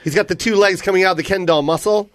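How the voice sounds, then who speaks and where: A man co-hosting a podcast, teasing and laughing loudly through joking banter. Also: high-pitched, quick pace, dry recording. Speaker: podcast co-host.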